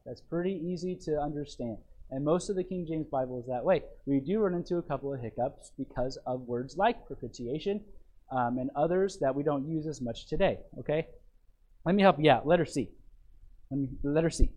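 Man, pastor, sermon lesson, fairly high voice, keeps asking "okay?". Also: animated, moderate pace, warm tone, low-quality recording. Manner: checks in often with the room, repeats phrases, restarts. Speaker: pastor teaching a Bible lesson. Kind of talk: sermon teaching from an outline.

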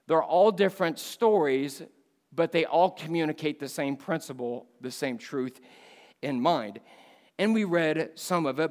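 A man preaching a sermon at a church missions conference, animated and emphatic, swinging from loud bursts down to low, quiet lines. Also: big-room sound.

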